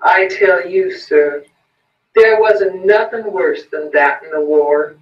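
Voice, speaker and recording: A man's voice: high voice, slow. A man doing a whining blind peddler. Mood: bitter. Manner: whining, pleading, rising to frantic cries. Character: bitter blind male peddler, begging, self-pitying. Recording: roomy, distant, muffled recording.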